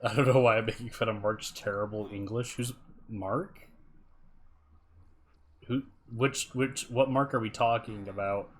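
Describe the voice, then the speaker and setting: Low-voiced man chatting while gaming. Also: steady tone, a little slow, long pauses. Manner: chatty, muttering to himself and answering chat. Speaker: game streamer. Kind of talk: casual live gameplay commentary.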